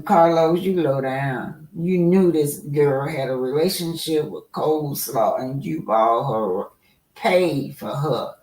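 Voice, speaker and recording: Slow-talking woman host giving commentary, roomy echo. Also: low voice, darkish tone. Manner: emphatic, addresses viewers directly. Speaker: livestream host. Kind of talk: commentary and taking callers.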